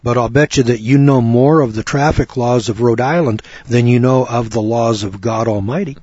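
A man's voice: medium pitch, normal speed, darkish tone, breathy edge, dry recording. A man preaching a folksy sermon on scripture, wry and full of rhetorical questions. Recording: dull lo-fi recording.

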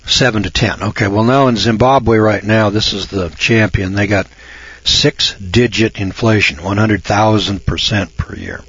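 A man's voice: on the low side, fairly even intonation, measured pace, a bit bright, slightly rough. An older American man hosting a radio talk show, talking in a folksy, emphatic way and repeating words as he builds his points. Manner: folksy, emphatic, repeats himself, mocks callers in a raised voice. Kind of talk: casual radio monologue. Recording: dull lo-fi dry radio sound.

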